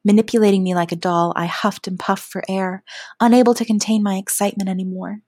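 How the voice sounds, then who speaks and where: A woman narrating a first-person adult audio story in a soft, often half-whispered delivery. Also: mid-range voice, fairly even intonation, fairly quick, no room sound, studio quality.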